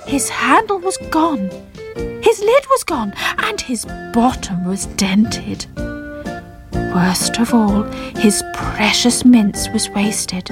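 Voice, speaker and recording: A woman reading a children's story aloud in a gentle manner. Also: a little high, lively intonation. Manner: gentle, slow. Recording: narration with children's music underneath. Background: children's music.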